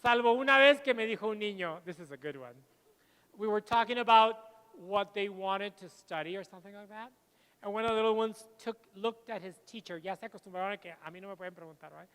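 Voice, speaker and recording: Man, high crisp voice, lively anecdotes, long hall reverb. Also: quick pace. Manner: lively, switches between English and Spanish, tells anecdotes. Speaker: conference speaker. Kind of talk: plenary talk to teachers. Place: large lecture hall.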